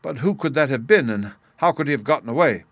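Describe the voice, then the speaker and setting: A man's voice: medium pitch, lively intonation, quick pace, fairly bright tone, no echo, voice pushed up. A man reading a middle-aged male country doctor who speaks earnestly and respectfully. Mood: puzzled.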